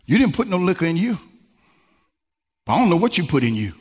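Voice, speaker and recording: Animated preacher in a reverberant church. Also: male voice, a little fast. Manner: animated preaching, swings from low murmurs to high exclamations. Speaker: pastor. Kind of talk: sermon. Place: church sanctuary. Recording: long reverb from a large church hall.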